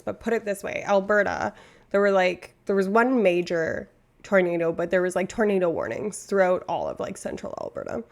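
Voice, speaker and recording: A woman's voice: medium pitch, creaky. A woman from Canada, a streamer chatting casually and rambling, laughing often at herself. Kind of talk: casual chat.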